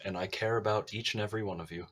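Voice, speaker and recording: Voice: sits low, steady tone, very fast, fairly bright tone. Joking player in a casual game chat. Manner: joking, rambling, with many restarts.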